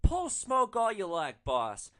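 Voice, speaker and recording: A man's voice: high-pitched, wildly swooping pitch, slow pace, a bit bright, pitched above the performer's own voice, full character voice. A man voicing a brash, slangy young male passenger who talks in clipped street talk. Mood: effusive.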